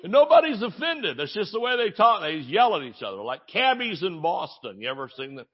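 Male preacher, lively swooping delivery, slightly higher voice, dull lo-fi audio. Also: fairly quick, breathy edge. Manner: animated preaching, shouting exclamations, asides and jokes. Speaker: pastor. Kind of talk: sermon.

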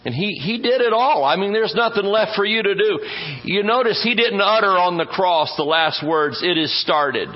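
A man's voice: sits high, expressive, moderate pace. A man preaching a sermon as pastor, folksy and joking, stretching words for emphasis. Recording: dull muffled audio.

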